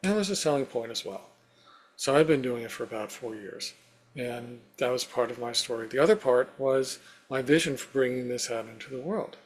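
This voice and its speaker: A man's voice: medium pitch, normal speed. A man as an interview guest, telling a personal story step by step with many "you know" fillers.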